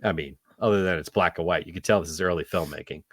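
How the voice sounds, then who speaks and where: Low-voiced rambling podcast guy. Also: fast talker, a bit bright, dry recording, studio quality. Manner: rambling, lots of fillers and restarts. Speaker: podcast co-host. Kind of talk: casual film review chat.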